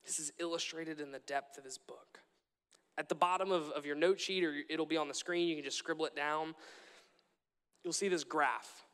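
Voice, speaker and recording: Young male preacher, high-pitched, earnest and repetitive, large reverberant hall. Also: fairly even intonation, normal speed, a bit bright. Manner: earnest, repetitive, with frequent restarts. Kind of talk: sermon.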